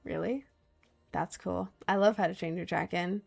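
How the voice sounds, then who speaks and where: A woman's voice: on the low side, fairly even intonation, normal speed, vocal fry, darkish tone, soft background music. A young adult woman streaming and chatting casually, reading viewer messages in a rambling way, with lots of fillers and frequent laughs.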